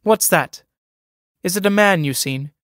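Spirited, teasing young country woman, read by a man; sharp and impatient, lifted voice. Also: on the high side, steady tone, a little fast, no room sound, studio quality, lightly acted. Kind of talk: dramatic play reading.

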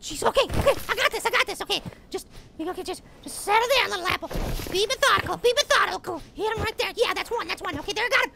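A man voicing a tiny, excitable male cartoon apple who gives gameplay commentary and gets riled up at his opponent. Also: fast, creaky, noisy background. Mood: excited. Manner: squeaky, easily riled, shouting at opponent. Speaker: let's play gamer.

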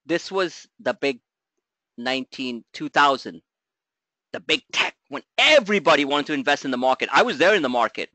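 A middle-aged man hosting a live trading webinar, joking and talking loosely, with loud asides and low mutters. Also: very animated, normal speed, no echo. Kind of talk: live market webinar talk.

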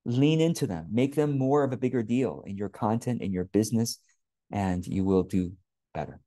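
A man talks straight to camera with casual business advice, loose and rambling, stumbling over repeated words. His voice sits fairly low and mellow. The sound is dry and close. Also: animated, moderate pace, no echo. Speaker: business coach.

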